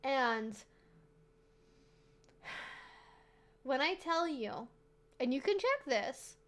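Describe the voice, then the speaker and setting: A woman hosting a live stream, chatting casually in an animated, rambling way, swearing freely and laughing as she goes. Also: high voice, drawn-out words. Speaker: streamer host.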